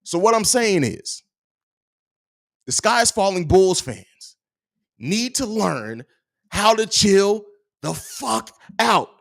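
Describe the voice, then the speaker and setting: A man putting on a loud, dramatic impression of another male sports podcaster, drawing out each word. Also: high voice, very animated, vocal fry, voice pushed up, full character voice. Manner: slow, dramatic, drawn-out delivery.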